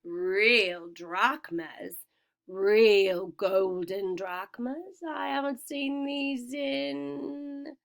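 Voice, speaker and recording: A woman plays a male ferryman of the dead who is smooth, cold and greedy, giving him a vaguely British accent and a slow, sweetly menacing drawl. Her voice is fairly high, bright and forceful, with lively intonation and a silkily greedy mood.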